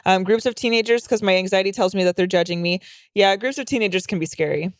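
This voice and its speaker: A woman's voice: mid-range voice, fast talker, dry recording. Rambling, foul-mouthed woman podcast host. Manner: rambling, profane, full of fillers. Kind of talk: casual comedic chat.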